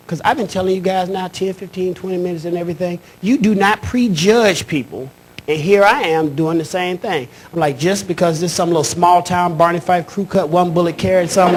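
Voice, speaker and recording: A male stand-up comedian who tells his stories with lots of animation. His voice is high and bright and jumps around in pitch. He shouts his punchlines.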